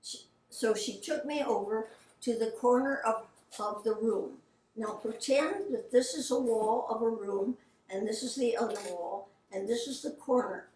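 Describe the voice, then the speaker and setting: An older woman, a veteran voice actress, shares anecdotes in a chatty, casual way and acts out the people in her stories. Her voice sits a touch high. It is recorded from a distance in a roomy, echoing space. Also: unhurried, darkish tone, a little hiss or hum. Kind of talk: casual storytelling.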